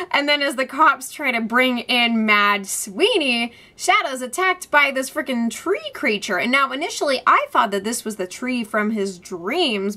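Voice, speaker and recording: A woman talks through a TV episode in a lively review, her voice sharp and bright. She sits a bit high in her range and laughs often between points. Her descriptions are vivid and wordy.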